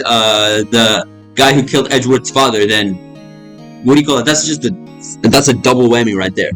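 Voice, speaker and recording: A man's voice: medium pitch, normal speed, a bit bright, faint music behind. A young man casually playing and reading a detective game aloud, with lots of fillers and calling the viewer bro. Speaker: gaming YouTuber.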